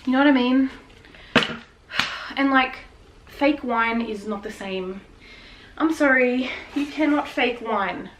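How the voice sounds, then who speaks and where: Chatting while she wraps gifts at home, a pregnant vlogger in her late twenties speaks in a slightly high voice with a sharp tone. She's frank and a little breathless, laughing and swearing often, on a rough recording with a bit of hiss or hum.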